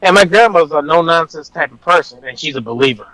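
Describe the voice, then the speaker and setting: A man's voice: on the high side, lively intonation, fast talker, sharp tone, no room sound, low-quality recording. A man, an officer, telling a personal story in a casual, rambling way, blunt and swearing at times. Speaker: officer guest.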